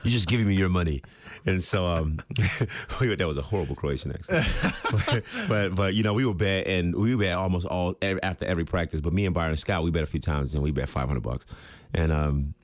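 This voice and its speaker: Very deep-voiced man, relaxed storyteller. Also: brisk, dry recording, studio quality. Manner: laid-back storytelling, laughs easily. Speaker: guest, former pro basketball player. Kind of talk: casual sports radio chat. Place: radio studio. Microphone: studio microphone.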